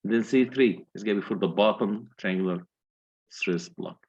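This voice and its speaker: Husky-voiced man giving an engineering lecture. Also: on the low side, normal speed, darkish tone, highs cut off. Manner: methodical, asks the class questions. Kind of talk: university lecture, working through calculations.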